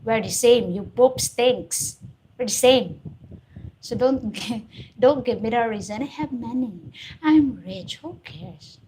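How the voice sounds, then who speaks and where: A woman's voice: on the high side, takes it slowly, a little mellow, slight background noise. A woman with a Filipino accent hosting a live stream, blunt and preachy as she answers viewer comments. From Philippines. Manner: blunt, preachy, straight-talking. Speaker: host.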